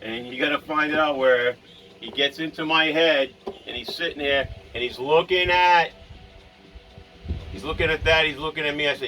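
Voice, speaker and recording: A man's voice: on the high side, moderate pace, sharp tone, distant mic. A man from Rhode Island vlogging at home in a rambling, casual chat, often talking to his dog.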